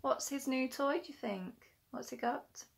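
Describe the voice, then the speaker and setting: A woman's voice: high voice, unhurried, vocal fry. A woman teacher reading a picture book aloud to young children, gasping often and asking them questions. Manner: animated, with frequent gasps and questions to the children. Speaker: infant school teacher.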